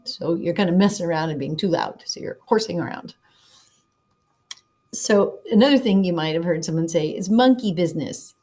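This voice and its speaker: A woman teacher giving a read-aloud lesson to children, explaining sayings slowly and plainly. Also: on the low side, dark tone. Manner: friendly, explaining slowly to kids. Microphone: document camera setup, teacher at desk.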